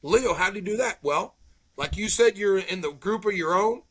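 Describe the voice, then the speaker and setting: A man's voice: high-pitched, moderate pace, slightly rough. A middle-aged man telling stories in a casual chat, acting out what people said. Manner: animated storyteller, acts out quotes.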